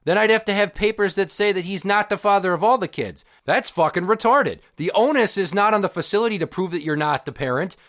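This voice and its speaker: A man with a voice pitched a little above the usual for a man hosts a podcast rant. His telling is crude and sarcastic, and the exasperation runs through every line. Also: fairly quick, few pauses, fairly bright tone. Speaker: podcast host. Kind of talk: profane storytelling rant.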